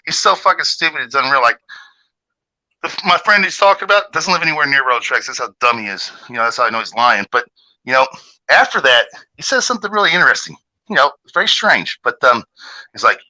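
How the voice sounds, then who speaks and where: A man with a very bright, cutting voice tells a story in profane, rambling livestream chat. When he gets outraged his pitch jumps sharply. His talk is loose and full of filler. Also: expressive, fast talker, poor audio.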